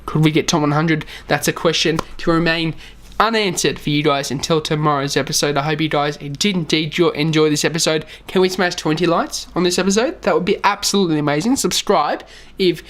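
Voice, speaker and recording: A man's voice: a little high, brisk, fairly bright tone. A tired young man, talking over his own game footage and calling every play to his "lads". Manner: calls each play, says "lads" often. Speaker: gaming YouTuber.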